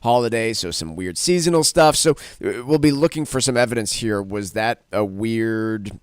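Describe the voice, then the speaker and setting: A man's voice: lowish voice, expressive, moderate pace, clean tone, no room sound, studio quality. A man co-hosting a financial radio show, chatting about economic data with joking asides. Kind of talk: casual market news chat.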